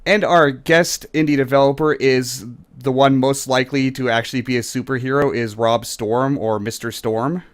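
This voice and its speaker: A man's voice: mid-range voice, steady tone, moderate pace, hardly any pauses. A man hosting a casual podcast in a mid-range voice. He jokes his way through rambling introductions of his guests. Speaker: podcast host. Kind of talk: casual chat.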